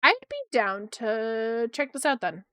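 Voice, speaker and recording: A chatty young woman streamer with a smooth, crisp voice, sitting a little high in pitch. She talks to her chat casually and excitably, tossing in swears. The sound is dry and close, with no room in it. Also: unhurried, no echo. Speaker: art streamer.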